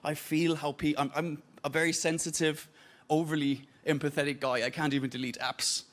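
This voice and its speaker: A man's voice: a little high, flat delivery, moderate pace. A Danish man with an Irish accent, speaking Danish natively, doing a self-deprecating stand-up routine and acting out voices. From Denmark. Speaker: stand-up comedian. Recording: stand-up clip with loud crowd noise.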